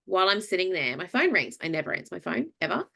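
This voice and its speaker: Lively Australian woman telling a story. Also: on the low side, quick pace, vocal fry. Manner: animated storyteller, acts out quoted voices, many fillers. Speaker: podcast co-host. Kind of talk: casual storytelling chat.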